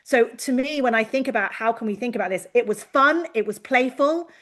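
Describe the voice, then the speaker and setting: A woman giving an expert presentation on a video call, lively and given to acting out quoted voices. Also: brisk. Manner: lively, acts out quoted voices with big pitch jumps. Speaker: invited expert speaker. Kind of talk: online presentation to a learning session.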